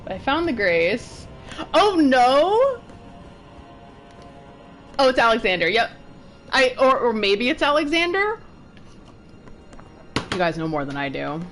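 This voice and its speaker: A young woman streaming a game from her desk mic, reacting with excited, gushing chatter. Her fairly high voice leaps up and down as she talks, and soft game music plays under her. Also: normal speed, pauses often. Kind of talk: live gameplay commentary.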